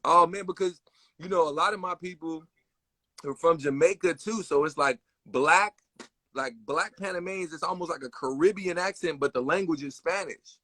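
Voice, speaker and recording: A man from the west side of Chicago, telling animated, slangy stories in a casual livestream chat. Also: fairly high pitch, normal speed, dry recording. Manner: animated storyteller, slangy, addresses listener as bro.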